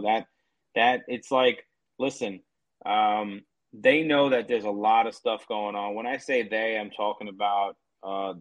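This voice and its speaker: A man co-hosting a casual podcast, talking bluntly and mockingly and swearing freely. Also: on the low side. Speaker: podcast co-host. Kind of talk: casual profane chat.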